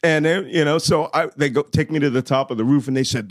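A middle-aged man telling war stories as a podcast guest, lively and laughing often as he acts out the dialogue. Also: a little high, quick pace, no room sound, clean studio sound. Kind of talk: animated war storytelling.

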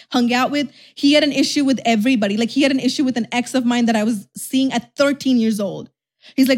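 A young woman influencer telling a storytime vlog, chatty and animated, with lots of "like". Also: on the high side.

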